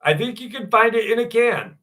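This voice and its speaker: Bright, joking male livestream host. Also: extremely high pitch, animated, brisk. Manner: rambling, joking, laughs at himself. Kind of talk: casual livestream chat and reading viewer stories.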